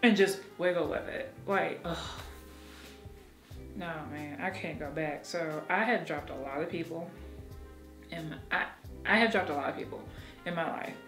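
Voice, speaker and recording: A woman's voice: sits low, moderate pace, long pauses, a bit bright, reverberant, soft background music. A woman talking frankly and emotionally in a candid personal vlog, swearing freely and laughing often. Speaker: vlogger.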